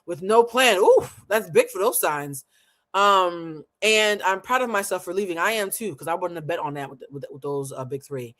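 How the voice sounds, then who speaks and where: A woman's voice: on the low side, normal speed. Woman, tarot reader, live stream, playful, blunt, slangy, chatty with viewers. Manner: animated, playful and blunt, laughs often; casual slang-heavy chat with viewers.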